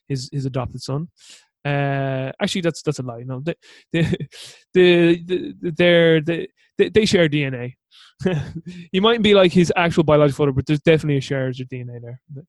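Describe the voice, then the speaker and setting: A man's voice: fairly high pitch, no echo. An Irish man from Ireland hosting a podcast, telling a long story in a chatty, rambling way full of fillers and restarts. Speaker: podcast host. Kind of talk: casual storytelling monologue.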